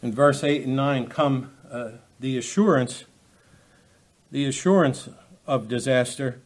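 A man's voice: medium pitch, measured pace. A man preaching a sermon, often repeating words as he restarts, building to emphatic, raised passages.

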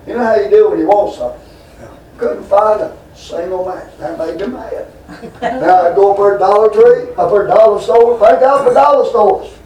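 A man gives a folksy, rambling sermon full of homespun stories and asides to his listeners. His voice is high for a man and mellow, at a moderate pace, and he sounds slightly off mic and distant in a roomy, echoing hall with slight background noise.

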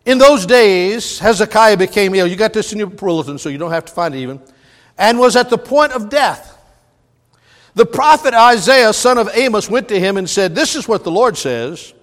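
Male substitute preacher, high voice, folksy humor, reverberant hall. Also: animated, moderate pace. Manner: joking, folksy asides. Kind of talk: sermon.

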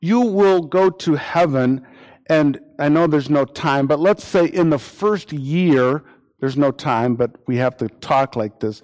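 A man preaching a sermon, repeating phrases for emphasis and acting out imagined quotes in lively voices. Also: a little high, unhurried.

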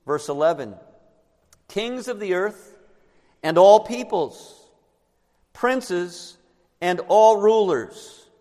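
A male pastor preaching a sermon to his congregation, emphatic and slowing down on key words. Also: high voice, lively intonation, warm tone. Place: church sanctuary. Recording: long reverb in a large church.

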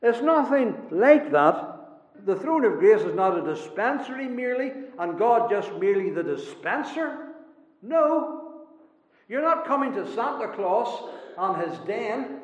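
A man preaching a sermon to a congregation, emphatic, with dramatic swings between quiet and loud passages. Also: high-pitched, very animated, slow pace. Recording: echoey hall, dull lo-fi sound.

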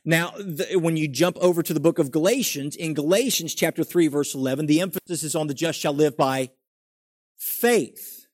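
A man preaching a sermon, reading scripture aloud slowly and then building to animated emphasis. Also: on the high side, dry recording, studio quality.

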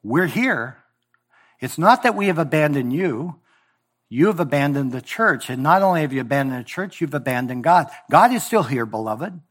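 A male pastor preaching a sermon in a church, voicing scripture and God's words with swings from loud emphasis to hushed tones. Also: a little high, lively intonation, normal speed. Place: church sanctuary.

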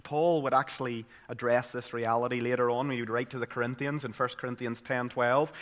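A man with a Northern Irish accent delivers a sermon. His voice is bright and forward. He builds to loud, dramatic peaks and then drops to a hushed, solemn hush. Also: medium pitch, steady tone, fairly quick, hardly any pauses. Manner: dramatic, swinging from loud emphasis to hushed tones. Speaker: preacher.

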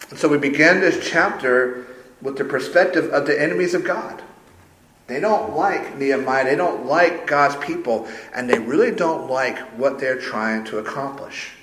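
A man's voice: fairly high pitch, fairly bright tone, a little hiss or hum. A man preaching a sermon as a pastor, emphatic and conversational. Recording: roomy echo.

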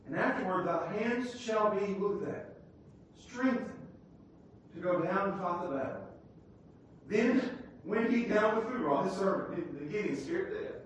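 A man preaching a sermon, reading scripture aloud and retelling it in everyday words, swinging between loud, lively bursts and hushed asides. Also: high-pitched. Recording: very echoey room, mic far off, faint noise.

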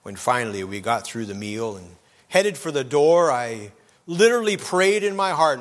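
A man preaching a sermon, telling a story dramatically and swinging between loud and hushed moments. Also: medium pitch, expressive, normal speed, long reverb tail. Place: church.

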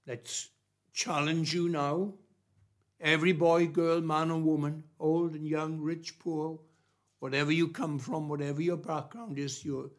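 A man preaching a sermon, emphatic and repetitive, with long pauses between phrases. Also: a little high.

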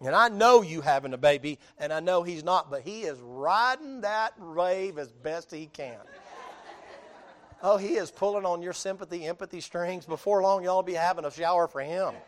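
A man's voice: high-pitched, lively intonation, moderate pace, fairly bright tone. A man with a Southern US accent preaching a sermon in a folksy, joking way full of homespun sayings. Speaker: pastor.

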